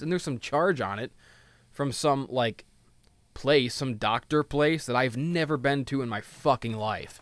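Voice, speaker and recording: A man's voice: medium pitch, animated, normal speed. Grumbly, profane gameplay commentator, man.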